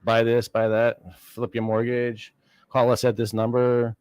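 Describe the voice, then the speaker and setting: A man's voice: medium pitch, completely flat delivery, measured pace, a little mellow, clear, resonant tone, no echo. A plain-spoken man who is a guest on a local talk show. He talks in a practical way, and his voice sounds dry and close. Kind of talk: casual chat.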